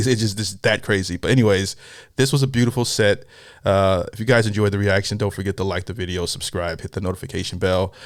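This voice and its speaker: A man's voice: fairly low pitch, no echo, studio quality. A man hosting a reaction video, chatting casually and sounding amused. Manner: laid-back, amused, chatty. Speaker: reaction channel host.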